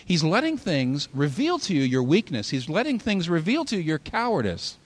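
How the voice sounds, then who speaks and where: Man preaching with a lively, swooping voice. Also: a little high, normal speed. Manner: animated preaching, voice rising and falling sharply for emphasis. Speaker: pastor. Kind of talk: sermon.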